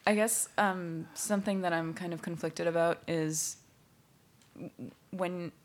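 Hesitant low-voiced woman asking a question. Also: steady tone, a little slow. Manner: hesitant, soft, tentative. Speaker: audience member asking a question. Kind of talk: audience question at a panel.

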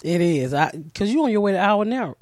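A woman's voice: mid-range voice, animated, fast, darkish tone, no echo, clean studio sound. A woman comedian as a guest in a casual chat, blunt and outspoken, swearing without hesitation.

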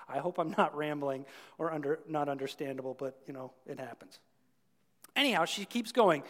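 High-voiced preacher in a reverberant church. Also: male voice, moderate pace. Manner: conversational, animated, asides to the congregation. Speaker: pastor. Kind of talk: sermon.

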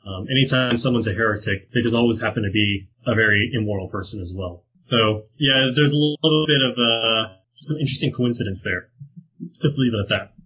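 A man's voice: fairly low pitch, fairly quick, bright, forceful tone, breathy edge, lo-fi sound. A man co-hosting a podcast, talking through early Christian texts in a thoughtful way, with many fillers and restarts. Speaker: podcast co-host.

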